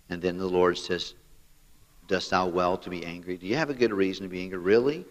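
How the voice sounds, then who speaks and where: A man's voice: on the low side, fairly bright tone, big-room sound. A man preaching a sermon as pastor, with emphatic rising delivery and direct appeals to the listeners.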